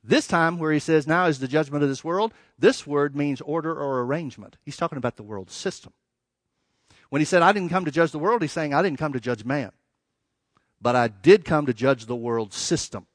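Expressive and fairly bright in tone, this man's fairly high voice carries no room sound as he preaches. His sermon moves between reading verses and explaining them, with emphatic rises, dramatic falls and deliberate pauses.

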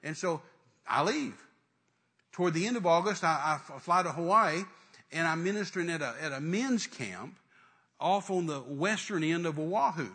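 A man's voice: on the high side, lively intonation, normal speed, fairly bright tone, slightly rough. A middle-aged male preacher telling a story in a sermon, fervent and full of restarts and trailing "and, uh" fillers.

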